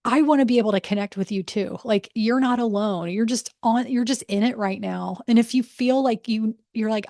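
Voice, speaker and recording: A woman's voice: a little high, normal speed, hardly any pauses, a little mellow, no echo. Woman coach hosting a motivational podcast monologue; encouraging, candid, casual, dry close sound. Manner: casual with fillers. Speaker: podcast host and breath work coach.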